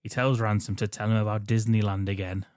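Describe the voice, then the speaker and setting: A man's voice: lowish voice, level tone, quick pace, a little mellow, dry recording. Man, dry wry plot recapper. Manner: wry, crude plot recaps with frequent laughter. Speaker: podcast co-host. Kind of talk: casual chat recapping a film.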